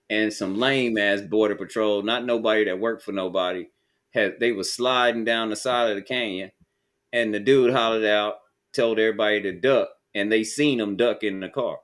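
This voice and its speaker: A man from Texas with a Texan accent, telling a profane, streetwise story in casual chat. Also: fairly low pitch.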